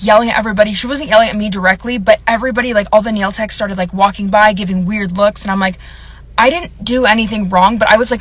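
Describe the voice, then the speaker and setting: A woman's voice: mid-range voice, fairly bright tone. Brief: young woman, casual storytime vlogger, rambling and emotional, mid-range voice. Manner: rambling, filler-heavy, emotional retelling.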